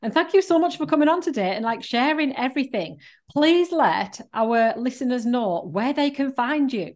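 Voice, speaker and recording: A woman's voice: high-pitched, lively intonation, normal speed, a little mellow. A woman hosting a casual interview podcast, effusive and full of praise for her guest. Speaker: podcast host.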